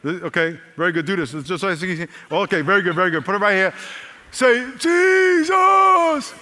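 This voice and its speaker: Brief: male pastor, bright forceful delivery, raised voice, energetic sermon with audience call-outs. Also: on the high side, rapid-fire, in a large hall. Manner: energetic, repeats lines, calls out to the congregation. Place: large church hall.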